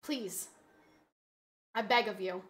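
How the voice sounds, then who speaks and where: A woman streamer in casual live-stream chat, pleading dramatically with her viewers and swinging from soft begging to loud shouting. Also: medium pitch, takes it slowly.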